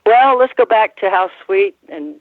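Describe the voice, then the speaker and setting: A woman's voice: medium pitch, lively intonation, measured pace, no room sound. A woman in her sixties, a guest on an interview, telling stories in a rambling way with many restarts and laughs. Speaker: guest, former wrestling ring announcer. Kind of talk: casual interview storytelling. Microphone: phone call. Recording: tinny phone line, dry.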